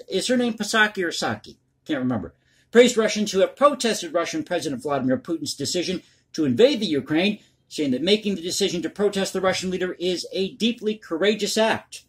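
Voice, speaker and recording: Male commentary host with a high, husky voice, blunt and crass in his opinions. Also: brisk.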